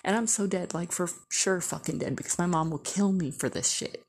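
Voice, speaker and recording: A woman with a slightly low, breathy-husky voice shares a story in a relaxed, unscripted way. She talks candidly, with plenty of swearing and filler "like"s. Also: brisk. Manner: candid, profane, heavy use of "like". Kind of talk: casual storytime monologue.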